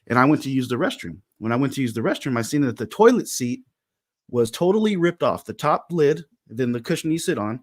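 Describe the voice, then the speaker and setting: A man in his forties telling a story in casual chat, animated and acting out the voices of the people in it. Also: mid-range voice, fairly quick, no room sound, clean studio sound. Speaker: podcast co-host.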